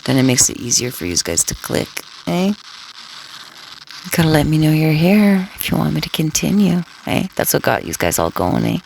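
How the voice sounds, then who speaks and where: A woman talks in a low, gravelly voice full of vocal fry. She rambles in a crude, taunting way, throwing tag questions at her listeners. A faint hiss sits under her voice. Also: big pitch swings, moderate pace, a little mellow, low-quality recording. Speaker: scanner livestreamer talking to listeners. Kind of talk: rambling casual monologue.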